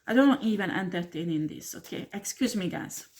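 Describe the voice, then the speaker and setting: A woman's voice: fairly low pitch, lively intonation, moderate pace, a little mellow, slight background noise. Blunt, swearing woman tarot reader. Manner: blunt, combative, swears and laughs scornfully; repeats "do you understand?" and "okay?". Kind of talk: tarot reading monologue to camera.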